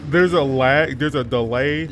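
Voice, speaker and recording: A man's voice: medium pitch, unhurried, a little hiss or hum. A man playing a video game on a casual channel, complaining about the controls with swearing and dry asides. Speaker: player in a video game playthrough. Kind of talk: casual gaming commentary.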